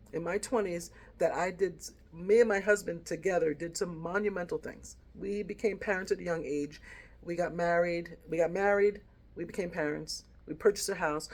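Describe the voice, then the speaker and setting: A middle-aged woman talks to her channel in an earnest, reflective way, telling a personal family story. Her voice carries quiet emotion and lingers on the feelings behind her words. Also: fairly low pitch. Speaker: vlogger. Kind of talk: heartfelt personal vlog.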